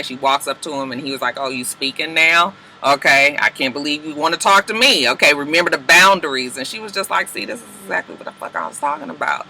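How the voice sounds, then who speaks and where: A man giving a casual, profane TV episode recap, acting out the characters' lines in quick asides. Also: high-pitched, sharp tone, slight background noise. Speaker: TV recap reviewer.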